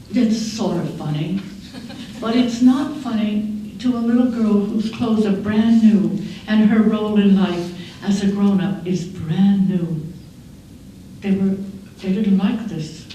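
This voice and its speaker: An older woman giving a keynote speech, telling stories in a measured, wry way, recorded in a large conference hall. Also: mid-range voice, mellow, a little hiss or hum. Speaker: keynote speaker. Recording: echoey hall from far off.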